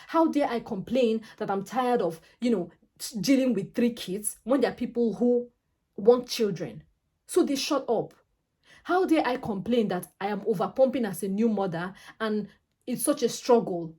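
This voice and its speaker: A young adult Nigerian woman with a Nigerian accent, talking frankly and casually to camera in a vlog, full of quick asides. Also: on the high side, animated, dark tone, husky. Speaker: YouTuber.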